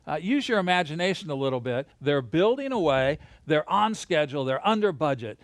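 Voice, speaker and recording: A man teaching a Bible lesson to children and families, lively and encouraging, guiding them through hand motions as he talks alone into a camera. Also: fairly high pitch, fairly quick, hardly any pauses, no echo, clean studio sound. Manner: lively, gesture-led, encouraging.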